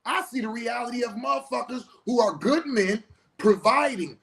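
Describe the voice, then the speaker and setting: A middle-aged man with a notably high voice pours out a raw confessional monologue. He talks bluntly and swears often. He swings between loud outbursts and low, muttered asides. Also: animated, normal speed, gravelly. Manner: profane, heated and blunt. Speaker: host.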